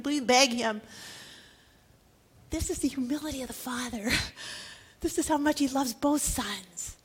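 Woman preacher, high voice, animated storyteller who laughs often as she teaches. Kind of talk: sermon.

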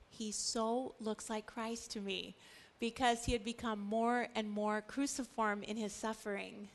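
A woman teaching a Bible study in a lively way, acting out the stories she tells. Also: on the high side. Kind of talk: animated scripture teaching.

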